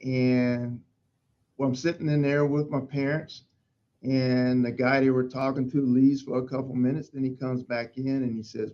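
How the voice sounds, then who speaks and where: Middle-aged man, fire chief, animated storyteller, medium pitch, slightly dull recording. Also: moderate pace. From Pennsylvania, USA. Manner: emphatic, animated storytelling with acted-out quotes. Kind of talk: storytelling in an interview.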